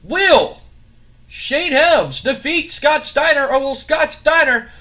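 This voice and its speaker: High, bright-voiced male game narrator. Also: lively intonation, slow. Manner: offhand, self-correcting narration. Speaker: game commentator. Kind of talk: narrating a wrestling sim playthrough.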